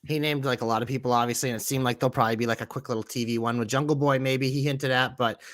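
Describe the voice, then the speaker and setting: A man co-hosting a wrestling podcast, dropping dry quips and quick asides in casual chat. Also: mid-range voice, fairly even intonation, no room sound. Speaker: podcast co-host.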